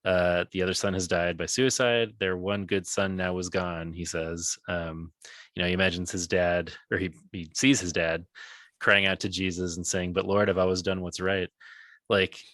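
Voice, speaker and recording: A man's voice: low voice, flat delivery, normal speed, a bit bright, no echo. A man co-hosting a podcast, talking earnestly and reflectively about a song that moves him. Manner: earnest, reflective, emotionally moved. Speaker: podcast co-host. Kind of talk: casual music discussion.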